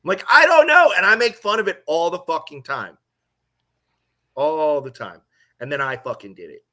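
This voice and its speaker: A man's voice: on the high side, sing-song, normal speed, pushed and bright. A man casually telling a personal story on a live stream, swearing and acting out quotes.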